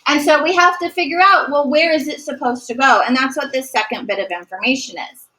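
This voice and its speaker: Woman math teacher, high bright voice, asks and answers her own questions. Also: a little fast, poor audio. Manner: asks questions and answers them herself, praising. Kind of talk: recorded classroom math lesson.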